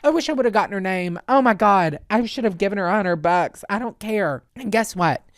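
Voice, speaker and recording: A man hosting a podcast, telling a comedic story in an animated, exasperated and dramatic way. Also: sits high, fairly quick, dry recording, studio quality. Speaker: podcast host.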